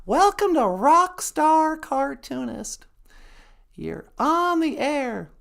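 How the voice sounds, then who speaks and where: Playful woman co-hosting a chatty podcast, high lively voice, unhurried, music faint behind. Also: creaky. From Minnesota. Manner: playful and giggly, drawn-out words. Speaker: podcast co-host. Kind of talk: casual live-stream chat.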